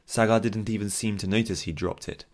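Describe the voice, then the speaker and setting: Audiobook narrator, man, very deep voice, measured fantasy storytelling. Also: fairly even intonation.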